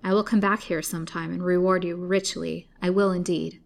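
A woman reading a storybook, voicing an exhausted, gentle young woman who pleads earnestly. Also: lowish voice, fairly even intonation, fairly quick, creaky. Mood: weary pleading.

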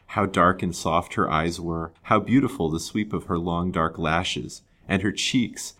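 Deep-voiced male narrator for a serialized period novel, measured delivery. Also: a bit bright. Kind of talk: audiobook story reading.

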